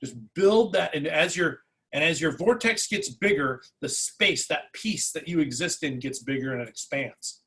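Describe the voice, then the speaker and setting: Bright, husky man coaching agents. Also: a little high, moderate pace, low-quality recording. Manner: energetic, repetitive, talks straight to agents. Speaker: real estate trainer. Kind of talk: motivational coaching talk. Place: training session.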